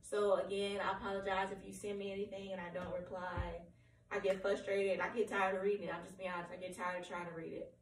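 A woman with a hoarse, cracking voice giving a candid personal update at home, rambling and apologetic with many ums. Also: medium pitch, flat delivery, fast talker. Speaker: vlogger. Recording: roomy, distant from the mic, faint room ambience.

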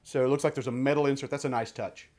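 A man's voice: mid-range voice, steady tone, fast, a little mellow, faint music behind. A man reviewing gear in a casual hands-on demonstration, chatting and thinking aloud as he handles each part.

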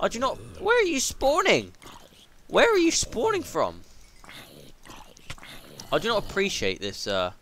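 A teenage lad narrates his gameplay in a bright, ringing voice that leaps up and down in pitch. He is excitable and foul-mouthed, rambling between tasks and yelping whenever something startles him. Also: a little hiss or hum. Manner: excitable and sweary, yelps when startled. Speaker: gaming video host. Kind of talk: let's play commentary.

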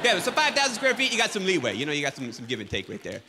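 Man, stand-up comic, sarcastic ranting, high voice, swooping delivery. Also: wildly swooping pitch, racing, big-room sound, very noisy. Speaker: stand-up comedian. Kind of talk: stand-up comedy set. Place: comedy club stage before an audience.

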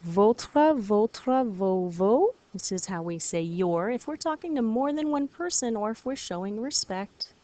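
A woman French teacher giving a recorded video lesson, patient and encouraging, repeating words slowly for her students. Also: medium pitch, lively intonation, dark tone.

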